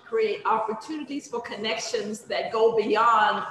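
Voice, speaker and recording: A woman hosting an online event on a video call, giving slow, deliberate instructions to the group. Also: on the high side, fairly bright tone, a little hiss or hum. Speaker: event host. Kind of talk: hosting announcements. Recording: echoey hall, from a distance.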